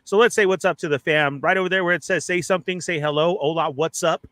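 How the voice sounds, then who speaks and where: A man co-hosting a live toy podcast in casual chat, upbeat and joking as he runs through plugs and shout-outs. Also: a little high, fairly even intonation, fast, dry recording.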